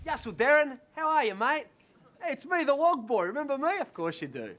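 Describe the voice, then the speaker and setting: A man's voice: very high-pitched, sing-song, fairly quick, a bit bright, voice pushed up, full character voice. A man sending a cheeky, jokey video greeting to an old friend. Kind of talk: video message.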